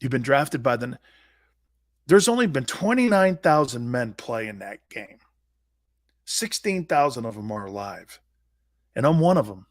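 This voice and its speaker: A man in his fifties, a sports talk host and former pro player, tells personal stories with animated, blunt emphasis and salty slang. His medium-pitched voice is sing-song and measured, with long pauses, recorded clean at studio quality with no echo.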